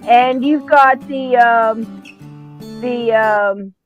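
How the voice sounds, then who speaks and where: A woman's voice: a little high, drawn-out words, dull audio, faint music behind. A woman hosting a podcast, chatting casually and acting out quotes as she tells stories. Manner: animated storyteller acting out quotes. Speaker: podcast host. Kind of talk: casual chat.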